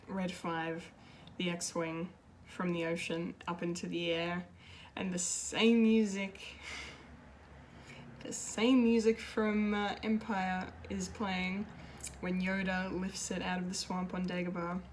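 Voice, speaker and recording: A woman's voice: fairly low pitch, steady tone, takes it slowly, a little hiss or hum. A woman giving an unscripted, emotional film review, gushing and restarting her sentences with many fillers. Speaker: pop culture video reviewer.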